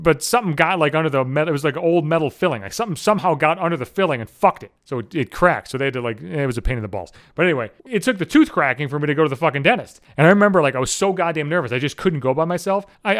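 A man in his thirties ranting in a profane, animated monologue, swearing constantly and filling with "like.". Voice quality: heavy swearing, lots of "like" fillers. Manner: animated ranting with sudden jumps in pitch. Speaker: vlogger.

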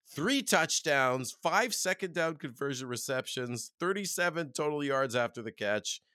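A Canadian man co-hosting a casual sports chat show, animated and quick to laugh as he talks football. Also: on the high side, dry recording, studio quality. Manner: excitable, animated, laughs often. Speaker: podcast co-host.

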